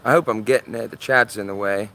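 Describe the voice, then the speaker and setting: A man streaming live outdoors from his yard on a phone camera. He comments on the sky in an urgent, excitable way and keeps repeating himself. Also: fairly low pitch, fast, creaky. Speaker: livestreamer.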